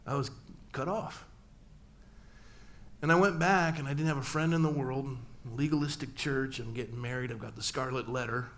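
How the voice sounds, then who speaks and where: A man's voice: mid-range voice, fairly even intonation, moderate pace, fairly bright tone. A middle-aged man, a pastor, telling a personal story in a sermon and acting out family dialogue with humor. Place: church sanctuary.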